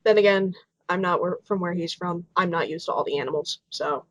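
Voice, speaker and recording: A woman's voice: lowish voice, brisk, dry recording. A woman co-hosting a casual Q&A chat, reading out reader questions in a giggly, bubbly way. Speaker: illustrator and co-host reading questions. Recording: dull home mic recording.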